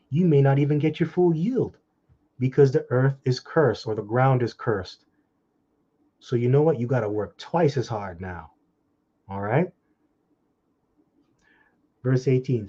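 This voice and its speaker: A man giving an informal scripture talk, blunt and scolding with mocking asides, and reading the verses slowly. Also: mid-range voice, mellow, slightly rough, highs cut off. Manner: slow, drawn-out scripture reading. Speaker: preacher.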